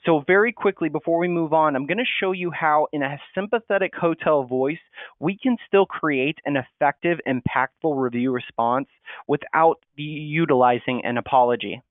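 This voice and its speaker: Male webinar presenter, slightly high voice, steady explainer, thin phone-like sound. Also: normal speed, no echo. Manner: steady, explanatory, reads sample replies aloud. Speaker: marketing presenter. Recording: tinny phone-like audio, dry.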